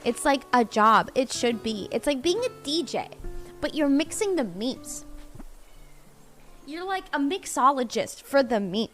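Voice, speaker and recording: A woman's voice: high voice, very animated, unhurried, fairly bright tone, faint music behind. A woman streamer in casual chat with her viewers, playful, laughing and swearing freely.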